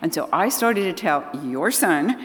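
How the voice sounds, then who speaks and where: An older woman with a fairly low voice tells personal stories to a church audience. She is lively and animated, playing out each conversation. Her voice rings with long reverb, as in a large hall. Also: a little slow. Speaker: speaker at a church gathering. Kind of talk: storytelling talk to an audience.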